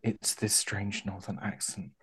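A man's voice: fairly low pitch, flat delivery, a little slow, fairly bright tone, husky. A man playing a tabletop game, chatting casually with joking remarks.

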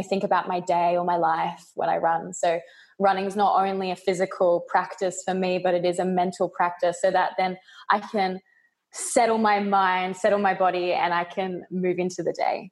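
A woman's voice: lowish voice, level tone, normal speed. A woman from Australia, an actor and acting coach, chatting as a podcast guest, cheerful and laughing easily. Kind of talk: casual interview chat.

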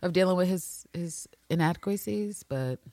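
A woman co-hosting a casual podcast, recapping a TV episode in an animated, profane way and acting out characters' lines. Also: on the low side, moderate pace, no room sound. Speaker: podcast co-host.

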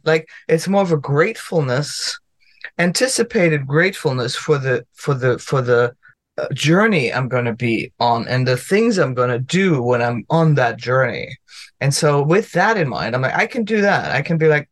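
A man who works as a stand-up comedian, a guest in a casual chat, animated and acting out the voices he imagines. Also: a little high, moderate pace. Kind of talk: casual conversation.

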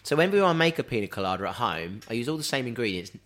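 A man chatting casually as a guest, telling stories in an animated way and laughing often. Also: medium pitch, very fast. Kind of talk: casual chat.

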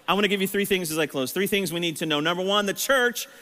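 A man preaching a sermon, his voice scratchy and strained, building to shouted emphasis with rhetorical questions. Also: high voice, fast. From Texas. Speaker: pastor. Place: church sanctuary. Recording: long hall reverb.

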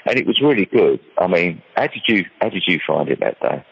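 A man, speaking casually and haltingly, often repeating words as he starts a thought, with a husky gravelly voice. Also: deep voice, very animated, highs cut off. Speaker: charity founder, barber guest. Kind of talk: casual conversation.

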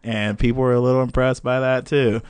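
A young man chatting as a podcast guest, animated and joking, laughing often. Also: medium pitch, a little fast, smooth, dry recording. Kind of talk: casual interview chat.

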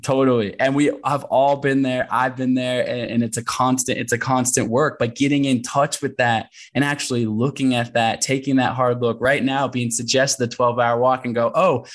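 A man talks through a podcast conversation with a lot of energy. He tells his stories in a lively way, and his voice jumps up as he acts out the doubting voice in his head. His pitch sits in the middle range for a man. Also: normal speed, hardly any pauses. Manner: animated storyteller who acts out his inner voice. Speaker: guest, adventurer and author.

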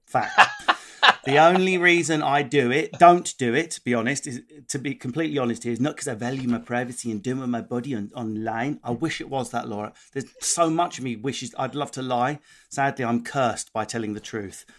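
Guy hosting a podcast, cheeky and blunt, swears a lot, middle pitch. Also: a little fast, fairly bright tone. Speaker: podcast host. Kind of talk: brash casual chat.

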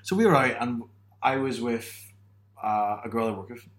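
A man's voice: medium pitch, moderate pace. A man from Northern Ireland in a casual podcast chat, telling stories with self-mocking humour and frequent laughs.

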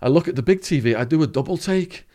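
A man's voice: on the high side, lively intonation, fast talker, warm tone. A man with an English accent, a podcast guest telling a vivid story and acting out the voices of the people in it. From England. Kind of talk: storytelling interview.

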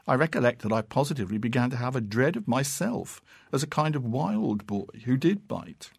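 A man reading classic fiction aloud in a measured, unhurried and expressive way. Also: mid-range voice, creaky. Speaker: narrator.

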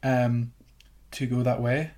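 Man, 20s, podcast co-host, mid pitch, halting easygoing chat. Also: level tone, warm tone. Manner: hesitant, many ums and restarts.

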